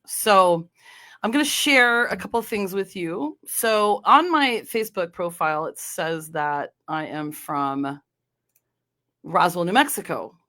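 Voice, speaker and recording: A woman from North Dakota hosts her own podcast, chatting on her own. She rambles along casually, restarting sentences and filling pauses with ums and you-knows. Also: lowish voice, sharp tone. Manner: chatty, meandering, many fillers and restarts. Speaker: podcast host. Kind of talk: casual solo podcast chat.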